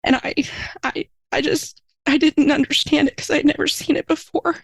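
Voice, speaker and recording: A woman's voice: high-pitched, little pitch movement, normal speed, vocal fry, dry recording, low-quality recording. A woman minister, a podcast guest, telling a personal story in an earnest, emotional way, her voice climbing when she is moved.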